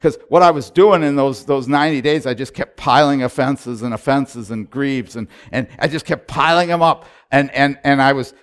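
A middle-aged man preaching a sermon as a pastor, retelling his prayers and moving between hushed and loud delivery, often repeating and restarting his words. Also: mid-range voice, normal speed, few pauses, smooth. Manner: repetitive restarts and stammers when excited. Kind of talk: sermon storytelling.

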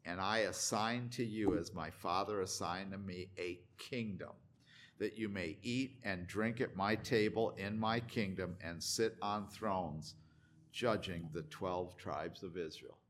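A preacher voicing Jesus, hushed and tender. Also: male voice, fairly low pitch, steady tone, normal speed, gravelly, a little hiss or hum, voice pushed down. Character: calm solemn adult male teacher, tender.

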